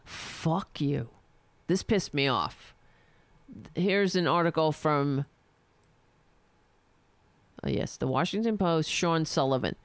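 A woman's voice: low-pitched, slow pace, long pauses, smooth, no echo. A woman delivering a heated, sarcastic, profane political rant, speaking for herself. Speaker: political commentator.

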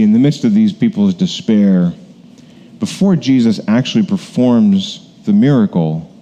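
A man's voice: fairly low pitch, warm tone, highs cut off. A man, a pastor, preaching a casual, conversational sermon full of asides and fillers.

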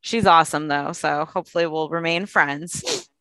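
A woman's voice: low voice, moderate pace, pushed and bright, no echo. A young woman co-hosting a podcast, chatting and teasing her co-host. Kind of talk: casual chat.

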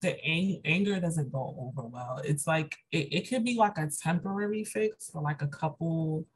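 A woman's voice: deep voice, normal speed. A woman in a casual chat who reflects on anger and parenting and often uses the filler "like.". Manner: reflective, agreeable, frequent filler "like".

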